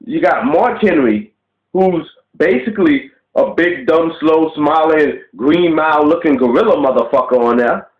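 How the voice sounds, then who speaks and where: A man's voice: fairly high pitch, moderate pace. A man ranting casually to the camera, blunt and profane, firing off rhetorical questions. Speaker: vlogger. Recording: roomy, dull lo-fi webcam audio.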